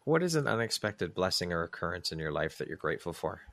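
A man's voice: deep voice, very animated, fast, gravelly, fairly bright tone, no room sound. A man hosting a podcast interview, asking reflective questions and giving earnest, effusive thanks. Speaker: podcast host.

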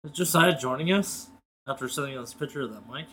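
A man's voice: medium pitch, quick pace, pushed and bright. Teasing podcast co-host man, faint hiss. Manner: teasing, joking. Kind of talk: casual chat.

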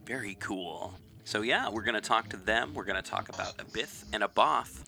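A man's voice: on the low side, moderate pace, creaky, bright, forceful tone, slight background noise. A man co-hosting a podcast in casual chat, rambling and laughing easily. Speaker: podcast co-host.

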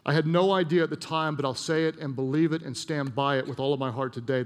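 A man preaching a sermon, telling a story with emphatic repetition and dropping soft and slow at emotional points. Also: on the high side, steady tone, in a large hall. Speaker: pastor.

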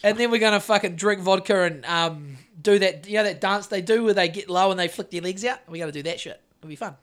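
A man's voice: high voice, fast, a bit bright. A man, co-hosting a podcast on a phone live stream, rambling and swearing as he chats. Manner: rambling, swearing, self-interrupting. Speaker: podcast co-host. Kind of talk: casual chat on a live stream.

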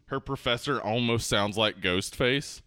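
A man co-hosting a casual movie review chat, enthusiastic and quick to laugh. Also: medium pitch, dry recording, studio quality. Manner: animated, enthusiastic, laughs often. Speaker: podcast co-host.

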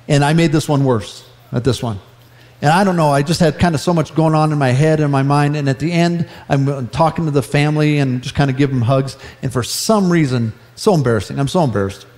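A man preaches in a long, ringing church hall, his voice a little higher than most men's. He talks in an earnest, conversational way, pokes fun at himself, and slows down to stress his points. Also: darkish tone. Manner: earnest, conversational, self-deprecating humor, slows down for emphasis. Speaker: pastor. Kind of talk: sermon. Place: church sanctuary.

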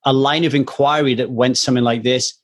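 A man's voice: mid-range voice, steady tone, fairly quick. A man hosting a casual conversation, earnestly telling a personal story in a reflective way.

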